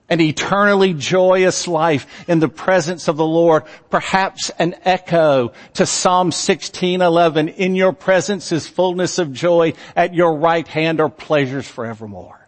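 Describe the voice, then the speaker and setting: A man preaching a sermon in a slow, earnest manner, letting his phrase endings fall soft and low. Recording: long hall reverb.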